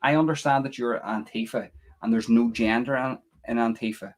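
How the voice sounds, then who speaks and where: A man's voice: mid-range voice, steady tone, normal speed. A man with an Irish accent, a little drunk, hosting a casual live stream from home with profane rants. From Ireland. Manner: profane, ranting and mocking. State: a bit drunk. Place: room at home.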